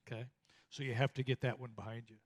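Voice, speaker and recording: A man's voice: mid-range voice, flat delivery, fast talker. A man giving marriage teaching in a church, telling folksy, self-deprecating stories and often stumbling and repeating his words. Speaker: minister teaching with his wife.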